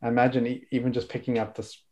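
A man's voice: mid-range voice, level tone, racing, darkish tone, muffled recording. A man hosting a casual interview, asking rambling, thoughtful questions.

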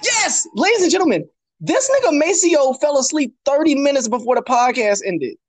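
A male podcast host chatting loudly and jokily on an online call. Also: very high-pitched, very animated, moderate pace. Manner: hyped, loud, jokey. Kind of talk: casual group chat on a call. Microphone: online call mic.

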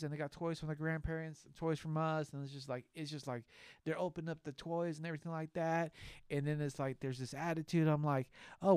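A man in his thirties co-hosting a podcast in casual chat, telling stories in a lively way. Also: on the high side, clear, resonant tone, no echo, clean studio sound. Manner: animated storyteller, acts out quoted voices. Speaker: podcast co-host.

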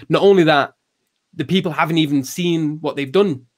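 A man's voice: mid-range voice, moderate pace. Man, casual conversation, hesitant, many restarts, mid-range voice. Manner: acts out quoted lines with raised voice.

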